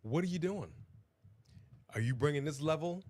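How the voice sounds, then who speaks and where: A man co-hosting a live wrestling watch-along in casual chat, excitable and exclaiming often. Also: on the high side, moderate pace, no room sound.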